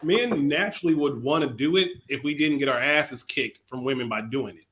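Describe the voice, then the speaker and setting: A man's voice: mid-range voice, brisk, fairly bright tone, a little hiss or hum. A man chatting on a talk show in a laid-back, blunt and profane way. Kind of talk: casual chat.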